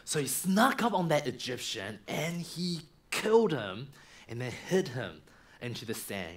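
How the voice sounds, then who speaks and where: A man's voice: on the high side, normal speed. A man in a church, preaching a sermon by retelling a story and acting out its scenes. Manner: animated, acts out the story. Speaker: minister.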